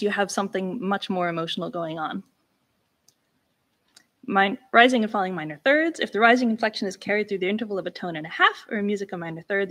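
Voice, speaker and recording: A woman gives a lecture-recital in a mid-pitched, ordinary voice. She talks loosely, with restarts. She often breaks into stretched, sliding inflections and sudden exclamations to show how old speech sounded. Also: a bit bright. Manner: demonstrates speech inflections with sung-like slides and exclamations; conversational, with restarts. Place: lecture room.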